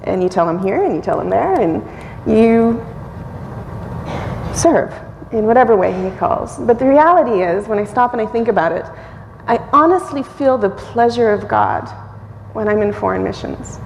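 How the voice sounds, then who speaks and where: A woman missionary in her forties addressing a church and praying, tearful and emotional, often pausing with fillers. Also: medium pitch, animated, creaky, mellow, big-room sound, slight background noise, rough recording. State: crying. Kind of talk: church talk and prayer. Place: church sanctuary.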